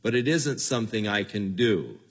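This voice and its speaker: An older man preaching a sermon as pastor, slow and earnest, acting out quoted voices of his listeners now and then. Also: lowish voice, lively intonation, slightly rough.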